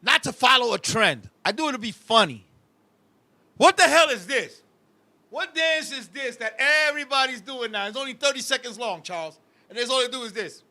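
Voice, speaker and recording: A male host tells animated, profane stories in casual comic chat and keeps turning to his co-host. His voice is very high and cutting. He is recorded on a close, completely dry mic. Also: normal speed, dry recording. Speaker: show host.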